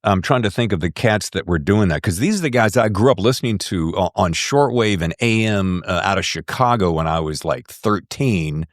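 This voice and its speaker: A man hosting an interview podcast, telling stories in a casual, lively way and sometimes slipping into a radio voice. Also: low-pitched, moderate pace, few pauses, no echo, clean studio sound. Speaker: podcast host.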